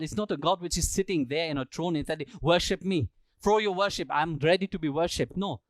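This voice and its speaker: During a live temple talk, a male spiritual teacher tells a sacred story as a storytelling sermon, animatedly acting out each character. His pitch is fairly high, and the recording has no room sound.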